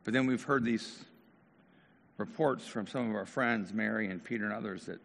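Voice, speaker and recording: A male pastor delivers a sermon, often raising questions and pressing his points. His voice has a gravelly grain. A long reverb fills the hall around him. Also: on the low side, moderate pace, slight background noise. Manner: animated, questioning.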